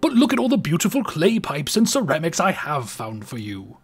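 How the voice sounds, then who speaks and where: A man's voice: fairly high pitch, huge pitch swings, normal speed, slightly rough, soft background music, voice pushed up, exaggerated voice. A man voicing an eager male mudlark husband in a bad put-on British accent. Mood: earnest.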